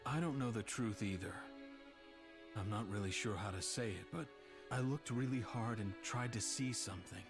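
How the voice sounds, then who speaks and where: Dude voicing a gentle hopeful young guy, lowish voice, game music behind. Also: normal speed, close to an everyday voice. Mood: earnest. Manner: earnest, gentle. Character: earnest young man, steady and hopeful. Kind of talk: dubbed game cutscene.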